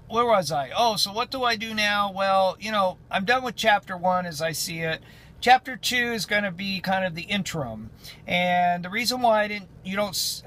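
A man vlogging in a casual, rambling way, full of fillers, sometimes talking softly to his dog. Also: sits high, slight background noise. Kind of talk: casual chat to camera.

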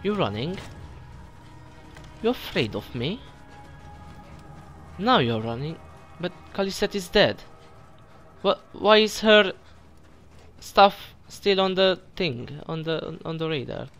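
A man's voice: high voice, sing-song, slow, long pauses, fairly bright tone, soft background music. A man doing let's play commentary, taunting enemies and talking to himself as he plays. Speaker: gamer, let's play host. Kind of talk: gameplay commentary.

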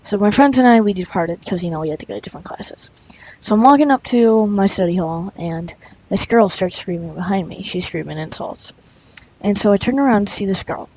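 A woman's voice: mid-range voice, moderate pace, a little mellow. A woman vlogger telling a story in a casual, chatty way, with many fillers and some laughter. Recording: dull lo-fi recording.

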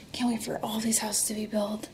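Young woman, vlog, out of breath, breathy half-whisper, gravelly edge, high-ish voice, faint hiss. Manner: rambling, chatty. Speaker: vlogger. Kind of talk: casual vlog chat. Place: home.

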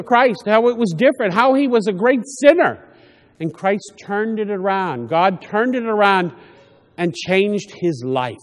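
A priest with a high, light voice delivers a homily, speaking plainly and often stopping to restart a thought. His words ring out with the long reverb of a church. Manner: conversational, halting with frequent restarts.

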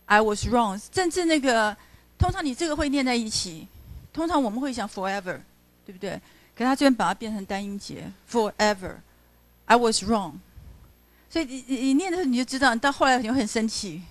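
A woman university lecturer with a Taiwanese Mandarin accent, switching between Mandarin and English in class, pausing often and stressing words as she scans poetry. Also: fairly high pitch, animated, no room sound. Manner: halting, many "uh" fillers, stresses words while scanning poetry.

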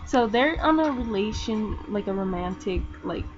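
A young woman chatting casually over gameplay, soft-spoken and rambling, with lots of fillers. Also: animated, normal speed. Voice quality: soft-spoken, talks low. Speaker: gaming vlogger. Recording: dull lo-fi mic with game music. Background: game music.

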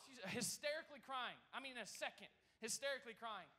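A man in his thirties preaching a sermon to a church congregation, telling a story in an animated way. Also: very high voice, fast talker, hardly any pauses. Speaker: pastor. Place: church service.

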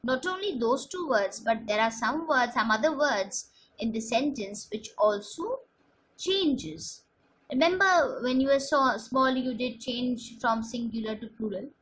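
A woman teacher giving a grammar lesson, explaining slowly and emphatically, repeating her examples. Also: fairly high pitch, animated, a bit bright, a little hiss or hum, poor audio. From India. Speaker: school English teacher.

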